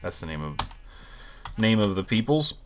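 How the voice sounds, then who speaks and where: A man hosting a gaming channel, talking through gameplay in a relaxed, rambling way, with a low morning voice. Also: moderate pace. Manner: relaxed, rambling, thinks aloud. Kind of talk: casual gameplay commentary.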